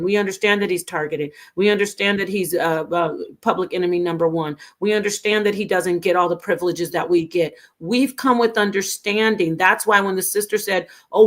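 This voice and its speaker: A woman hosting a casual commentary show, speaking in an earnest, critical and emphatic way. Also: mid-range voice. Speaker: host.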